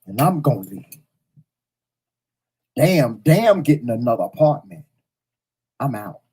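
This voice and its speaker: A man speaking to his audience in a mellow, husky voice. He tells a personal story bluntly, with cursing, and hammers his points home by repeating phrases. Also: mid-range voice, big pitch swings, a little slow, rough recording. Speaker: host. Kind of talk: casual storytelling monologue to viewers.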